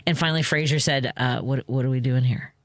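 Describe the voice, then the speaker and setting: A woman's voice: extremely low pitch, steady tone, fast talker, dry recording, studio quality. A woman hosting a radio talk show, telling a travel story in a chatty way with many fillers and restarts. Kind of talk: casual radio chat.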